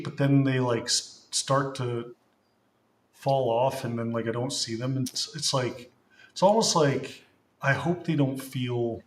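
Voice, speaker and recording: A man hosting a casual livestream, rambling with many fillers and thanking viewers warmly. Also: mid-range voice. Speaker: livestream host. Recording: roomy echo.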